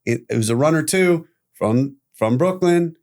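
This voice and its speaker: A man's voice: fairly high pitch, measured pace. Middle-aged guy telling his story straight up, blunt, cusses a lot, gets worked up. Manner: blunt, animated, swearing freely. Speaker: guest. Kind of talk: candid personal storytelling.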